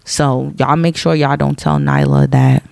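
A woman in her thirties talks through a casual solo podcast episode, rambling and cutting herself off mid-thought. Her voice sits a bit low with a gravelly fry and a tired edge. The sound is close and dry, with no room around it. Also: little pitch movement, measured pace, darkish tone, dry recording. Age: 30s. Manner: rambling, chatty, self-interrupting. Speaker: podcast host; high school teacher.

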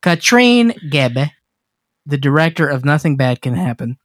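A man's voice: fairly high pitch, big pitch swings, unhurried, fairly bright tone, no room sound, studio quality. A man co-hosting a podcast, chatting casually about horror films in a rambling, joking way with many restarts. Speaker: podcast co-host.

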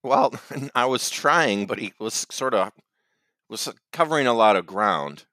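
A man co-hosting a comedy podcast, talking in a hesitant, halting way with many fillers. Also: mid-range voice, animated, sharp tone, no echo, studio quality. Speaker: podcast co-host. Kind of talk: casual comedic chat.

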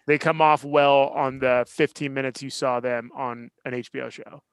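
A man's voice: medium pitch, fairly even intonation, moderate pace, smooth, no room sound. A man co-hosting a podcast, chatting casually with a dry, teasing manner. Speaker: podcast co-host. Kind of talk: casual chat.

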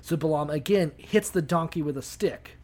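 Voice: mid-range voice, normal speed, a little mellow. A podcast co-host retells a bible story in loose, joking language full of swearing. The talk is casual, with many fillers and restarts. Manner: profane, jokey, full of fillers.

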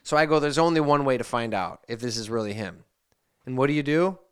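A man's voice: medium pitch, brisk, smooth. A man hosting a podcast, telling a rambling anecdote in casual chat and acting out the messages he quotes. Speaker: podcast host.

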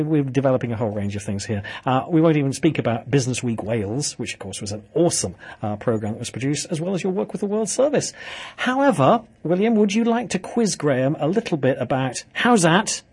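A man hosting a radio programme, chatty and excitable, often breaking off mid-sentence. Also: medium pitch, breathy edge. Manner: chatty, excitable, self-interrupting. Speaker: radio host. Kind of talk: casual radio chat.

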